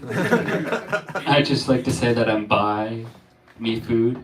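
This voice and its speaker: A man hosts a comedy show and tells jokes in a dry, understated way at an ordinary pitch. His voice carries from a distance in an echoey club, with clear background noise around it. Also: big pitch swings, takes it slowly, over a noisy crowd. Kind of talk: stand-up set and introductions. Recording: echoey noisy club from far off. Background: audience laughter.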